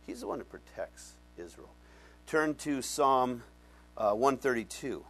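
Pastor, male, mid-pitched voice, animated and folksy Bible teacher who quizzes his congregation. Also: a little slow, faint music behind. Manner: animated, asks the congregation questions; conversational, folksy.

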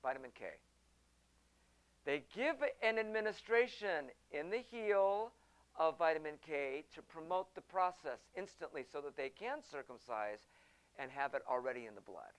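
A middle-aged man hosting a talk, telling a personal story in an animated way and acting out the people he quotes. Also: fairly high pitch, normal speed, smooth, low-quality recording.

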